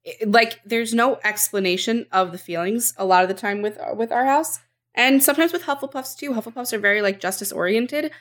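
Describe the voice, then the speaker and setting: A woman's voice: a little high, fairly quick, fairly bright tone. Opinionated woman podcast co-host. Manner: opinionated, laughing, acts out quotes. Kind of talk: casual chat.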